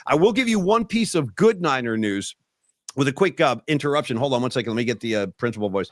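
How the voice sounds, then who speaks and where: A man's voice: medium pitch, animated, quick pace, dry recording, clean studio sound. A man co-hosting a casual sports podcast, ranting emphatically about players and contracts. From San Francisco Bay Area. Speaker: podcast co-host.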